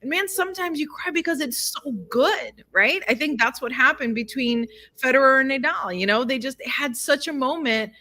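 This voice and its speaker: A middle-aged woman chats effusively, laughing easily and filling her talk with "like" and "you know". Her voice is bright and a little high. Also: normal speed, few pauses. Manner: effusive, laughs often, many fillers. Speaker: podcast co-host. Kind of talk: casual chat.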